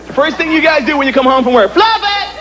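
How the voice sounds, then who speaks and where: A male stand-up comedian performing on a comedy club stage, with a punchy, animated delivery and frequent impressions of people. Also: very high voice, racing, very noisy. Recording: live club, loud crowd and music.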